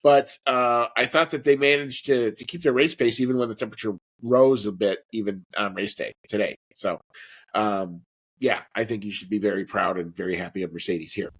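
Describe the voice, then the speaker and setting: A man co-hosting a podcast, chatting in a relaxed, rambling way with fillers. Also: fairly low pitch, brisk, breathy edge. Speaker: podcast co-host. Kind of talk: casual chat.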